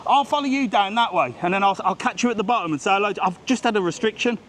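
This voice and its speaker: Walking a busy resort strip and livestreaming his travel vlog, a British man speaks quickly in a high, somewhat bright voice. He greets people, rants bluntly and swears casually, and faint street noise can be heard behind him.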